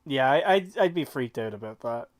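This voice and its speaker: A man's voice: mid-range voice, animated, moderate pace. Laid-back man on a podcast. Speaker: podcast co-host. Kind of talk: casual chat.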